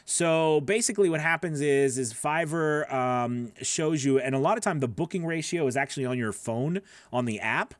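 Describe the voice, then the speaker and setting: A man's voice: a little high, moderate pace, few pauses, no room sound. A man hosting a live-stream voice-over coaching session, reading out viewer questions and answering in a loose, rambling way. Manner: rambling, answers viewer comments, many restarts.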